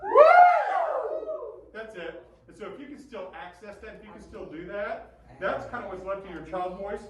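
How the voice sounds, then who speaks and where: A man with a bass-baritone voice teaching a middle school choir class, animated and demonstrative, often checking that the students follow. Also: brisk. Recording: echoey room, voice from far off.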